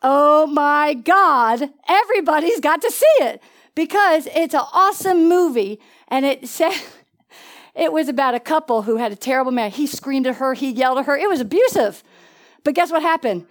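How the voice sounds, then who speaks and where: A woman preaching a sermon in an animated way, with laughing asides and questions to the congregation. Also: high voice, moderate pace.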